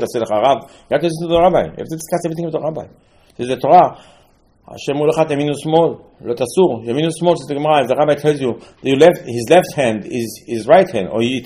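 A man teaching a storytelling Torah class in non-native English phrasing. He acts out the people he quotes, with sudden loud outbursts and quiet asides. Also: mid-range voice.

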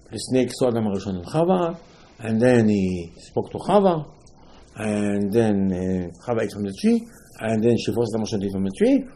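Animated man giving a Torah talk. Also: a little hiss or hum, low-quality recording. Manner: animated, rising to emphatic questions, then dropping low. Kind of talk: informal Torah lecture.

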